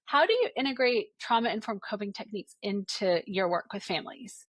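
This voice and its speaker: A woman born in Ireland hosting a podcast interview, chatty and quick to laugh. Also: medium pitch, animated, no room sound. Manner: chatty, laughs often, picks up others' accents. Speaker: podcast host, pediatrician.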